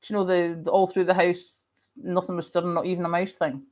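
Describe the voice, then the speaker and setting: A middle-aged Scottish woman hosts a casual livestream, reading viewer comments and answering in a chatty, animated storytelling way. Her voice is a little low for a woman and quick-paced, and she has a lingering cough.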